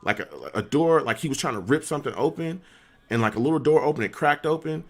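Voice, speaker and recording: A man streaming, telling a story in an animated, slangy way and laughing often. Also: on the high side, fast talker. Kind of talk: casual storytelling.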